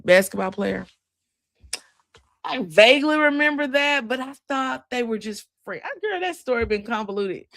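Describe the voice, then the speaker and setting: A woman's voice: a bit bright, no room sound, clean studio sound. Sassy, chatty woman recapping reality TV. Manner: chatty, sassy asides, swoops up high for emphasis. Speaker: recap host.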